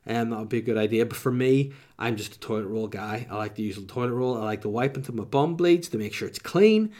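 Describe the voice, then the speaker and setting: A Northern Irish man chats on his podcast in a loose, rambling way, cracking jokes at his own expense. His voice sits at an ordinary male pitch, and he sounds sniffly from a cold. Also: expressive, fast talker, a little mellow. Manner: jokey, rambling, self-mocking. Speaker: podcast host. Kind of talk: casual rambling podcast chat.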